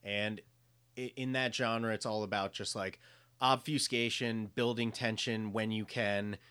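A man co-hosting a podcast, chatting casually and playfully, defending a movie with deadpan jokes. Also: on the low side, unhurried, clear, resonant tone. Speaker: podcast co-host.

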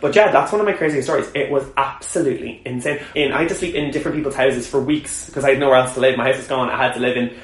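A man co-hosting a podcast, telling a story at a table with two co-hosts in an animated, laughing way. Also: mid-range voice, very fast, few pauses. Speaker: podcast co-host. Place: room shared with two co-hosts around a table. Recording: echoey room.

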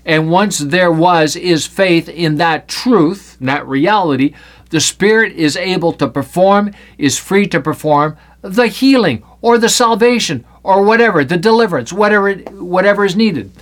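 Brief: male Bible teacher, high voice, playful and lively, reads scripture aloud with jokes. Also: unhurried.

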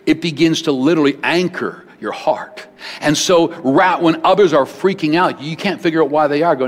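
A man preaching a sermon as pastor in a large church building, switching between loud bursts and hushed words. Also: a little high, moderate pace. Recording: long hall reverb.

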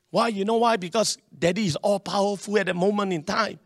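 A middle-aged man, preaching a sermon in an animated way, often calling out for an amen. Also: high-pitched, fairly quick, hardly any pauses, dry recording, studio quality. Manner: animated preaching with calls for amen, mixes in local slang. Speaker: pastor.

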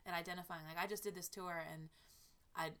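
Fast, bright-voiced chatty woman. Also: on the low side, steady tone. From American South. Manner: chatty and enthusiastic, lots of restarts. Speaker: guest, touring performer. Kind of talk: casual conversation.

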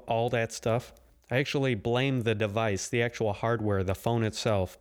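Rambling, sarcastic male podcast host. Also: medium pitch. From United States. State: caffeinated. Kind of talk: solo podcast monologue.

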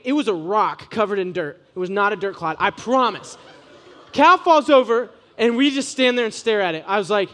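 A young man from Ohio, preaching to students in a casual, joking sermon full of animated storytelling. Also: high-pitched, moderate pace. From Ohio, USA.

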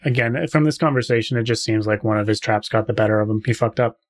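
A man's voice: fairly low pitch, quick pace. Laid-back man running a tabletop game. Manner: casual, profane, laughing asides. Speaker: game master. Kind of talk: casual tabletop game narration.

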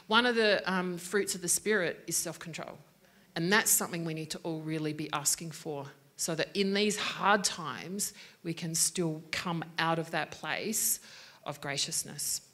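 A woman with a slightly lower voice gives a faith-based teaching talk in an easy conversational way. She explains with everyday examples and checks in with her listeners by asking "right?". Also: a little slow, pushed and bright.

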